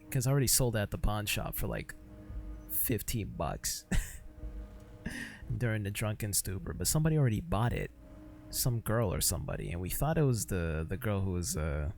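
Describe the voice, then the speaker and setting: Young man, game streamer, casual profane commentary, gravelly voice, animated pitch. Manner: profane, exasperated, self-mocking.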